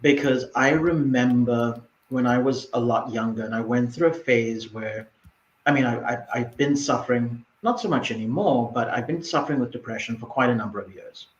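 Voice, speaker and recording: A man's voice: mid-range voice, moderate pace. Candid man telling a story in an echoey room. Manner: candid, with frequent restarts. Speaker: co-host. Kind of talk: personal storytelling. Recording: echoey, dull lo-fi room sound.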